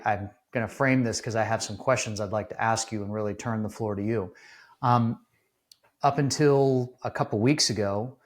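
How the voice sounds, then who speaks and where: Earnest, halting male podcast host. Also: mid-range voice. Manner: earnest, halting, with many restarts. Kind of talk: casual interview talk.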